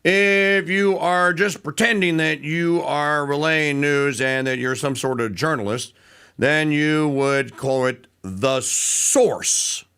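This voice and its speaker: Gravelly, bright-toned male talk radio host, opinionated and animated. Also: on the high side, takes it slowly. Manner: animated, mocking, breaks into voices.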